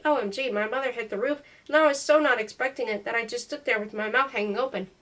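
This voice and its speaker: A woman's voice: a little high, fairly even intonation, quick pace, few pauses, a bit bright, low-quality recording. A woman reading a novel aloud in first-person narration, voicing the dialogue as she goes. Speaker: audiobook reader.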